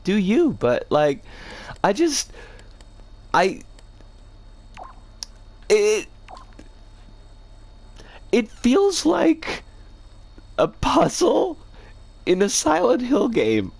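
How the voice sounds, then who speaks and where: Slow, lively-pitched rambling streamer, scratchy voice. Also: vocal fry, slightly rough. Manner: rambling, playful slang. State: rough, scratchy voice today. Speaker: game streamer. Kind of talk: casual livestream chat.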